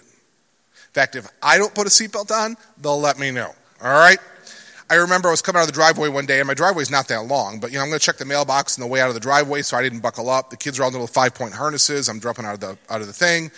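A man's voice: medium pitch, bright, forceful tone. A middle-aged man speaking to a church congregation in a conversational, anecdotal way, with rhetorical questions. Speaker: Christian advocacy speaker at a church. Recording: long hall reverb.

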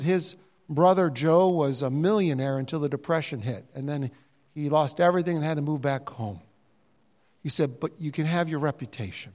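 A man's voice: on the high side, brisk. Older man preaching in a reverberant hall. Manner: animated, mimics voices, jokey asides. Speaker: pastor. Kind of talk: sermon.

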